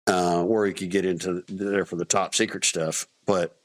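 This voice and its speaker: Low-voiced middle-aged man, rambling stories. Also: flat delivery, moderate pace. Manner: rambling, many restarts, acts out quotes. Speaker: podcast guest, Army veteran. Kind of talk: casual storytelling interview.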